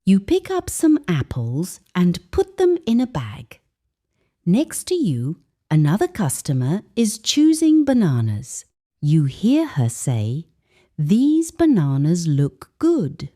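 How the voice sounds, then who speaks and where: Slow, lively woman teaching English. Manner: slow and clear, sample phrases read with a higher lilt. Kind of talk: slow scripted English lesson narration.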